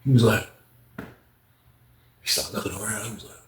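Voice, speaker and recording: A man telling a prison story casually, acting out other voices and getting loud when excited. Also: moderate pace, pauses often, slight background noise. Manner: acts out other people's voices, jumps high when excited. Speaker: storyteller recounting prison life. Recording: echoey room.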